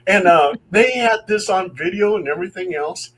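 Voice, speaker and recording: A middle-aged man, a paranormal investigator, telling true ghost stories in an animated way, acting out the voices he quotes. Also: high voice, normal speed, low-quality recording. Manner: animated, acts out quoted voices, chuckles as he talks. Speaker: paranormal investigator and guest storyteller.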